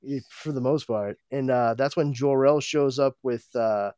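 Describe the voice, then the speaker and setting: A man hosting a podcast, giving a casual comic-book recap in a halting way, full of fillers and with frequent chuckles. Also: mid-range voice, dark tone, clean tone, no room sound, clean studio sound.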